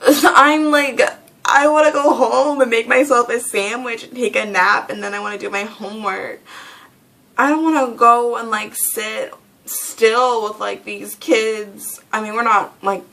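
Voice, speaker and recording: Teen girl vlogger, bright tense tone, rambling, fed-up, laughs a lot. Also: on the high side, fairly even intonation, unhurried, vocal fry. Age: teens. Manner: rambling, exasperated, laughs often. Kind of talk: casual vlog rant.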